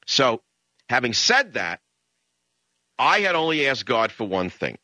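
An older man from the Bronx, hosting a radio talk show in an impassioned, emphatic monologue that swings into high, mocking rants. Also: sing-song, a little slow, pushed and bright, no room sound. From the Bronx, New York.

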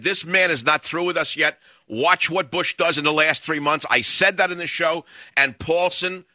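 A man's voice: on the high side, pushed and bright, dry recording. A man hosting a talk radio show, ranting and sarcastic as he cuts in on callers. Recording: dull lo-fi broadcast audio.

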